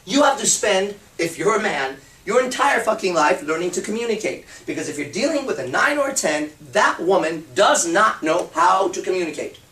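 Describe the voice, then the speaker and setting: A man giving a blunt, profane and animated seminar talk as a dating and confidence coach. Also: sits high, normal speed, few pauses, reverberant, distant mic. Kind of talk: seminar talk to a live group.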